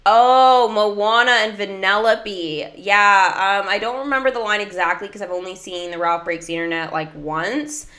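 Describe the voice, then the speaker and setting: A woman's voice: mid-range voice, moderate pace, hardly any pauses, sharp tone. A woman chatting casually during a mobile game livestream, giggling often and answering her viewers' chat.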